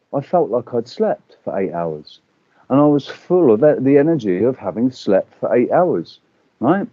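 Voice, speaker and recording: Lively man telling stories. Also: on the low side, dry recording. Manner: animated storytelling, swearing, acting out quotes. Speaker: podcast guest. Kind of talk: casual chat. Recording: dull lo-fi audio.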